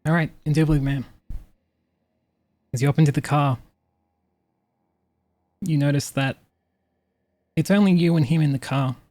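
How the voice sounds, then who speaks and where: Game master narrating with a mellow tone. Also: medium pitch, normal speed, pauses often, no echo.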